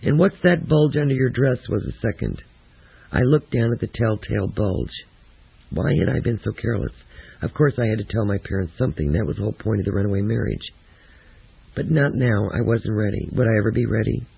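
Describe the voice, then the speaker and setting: Gravelly, husky male memoir narrator. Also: fairly low pitch, a little fast, no echo. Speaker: audiobook narrator. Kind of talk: first-person memoir narration. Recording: tinny, lo-fi phone-like audio.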